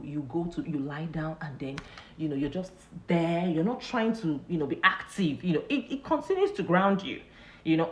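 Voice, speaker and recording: A lowish, slightly mellow female voice echoes around the room as she hosts a casual motivational talk live. Her chatter is loose and repetitive with constant "you know" fillers, and she frequently laughs at her own stories.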